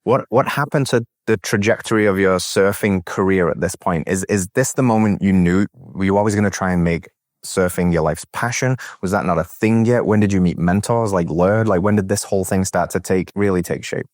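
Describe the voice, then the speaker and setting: A man with a very deep voice hosts a casual interview, firing up at a good story and cursing freely. The sound is dry and close, with almost no room around it. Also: a little fast, darkish tone, no room sound. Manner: enthusiastic, swears casually. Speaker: podcast host. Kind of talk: conversational interview.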